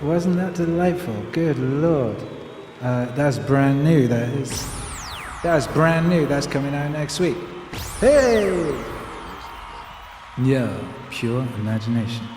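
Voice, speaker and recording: A man with an ordinary, mid-pitched voice chats loosely through a livestream, rambling, joking and reading out viewer comments. He talks into a stand microphone in a home studio, with music playing behind him. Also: unhurried, echoey room, long reverb tail. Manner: loose, rambling and jokey, with playful asides. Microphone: microphone on a stand in front of him.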